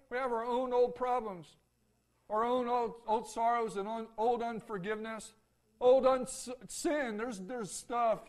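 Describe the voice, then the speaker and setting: A man preaching a sermon in a church, folksy and repetitive, swinging between loud calls and soft, hushed lines and asking for an "Amen". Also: high-pitched. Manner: folksy, repeats phrases, asks the congregation "Amen?". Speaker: pastor.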